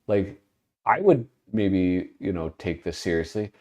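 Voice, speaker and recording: A man hosts a casual livestream in a slow, unhurried way. His voice sits fairly low but rises and falls widely. He rambles, restarts his sentences and laughs in the middle of them. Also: expressive, mellow. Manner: rambling, self-interrupting, laughs while talking. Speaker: host.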